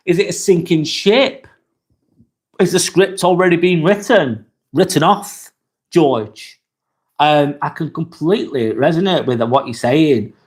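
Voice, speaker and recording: A young English man on a live-stream, casually reading chat comments and answering candidly, swearing now and then. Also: medium pitch. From England. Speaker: livestream vlogger.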